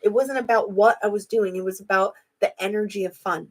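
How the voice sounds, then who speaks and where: A woman's voice: mid-range voice, fairly even intonation, fairly quick. A young adult woman hosting a live video, talking casually and reflectively to her viewers. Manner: chatty, reflective, addresses viewers directly. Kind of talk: casual live-stream talk.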